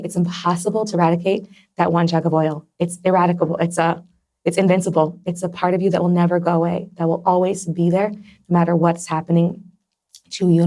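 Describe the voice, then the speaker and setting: A woman's voice: on the low side, mellow. A young adult woman as a podcast guest, talking in an earnest, heartfelt way with many fillers. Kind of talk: personal conversation.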